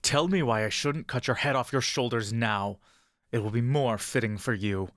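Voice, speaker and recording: An actor playing a huge, scarred, tusked warrior who speaks in a gravelly, slow and contemptuous way. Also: male voice, mid-range voice, fairly bright tone, dry recording, clean studio sound, lightly acted. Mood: menacing. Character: scarred, tusked male warrior, large, seething and hostile.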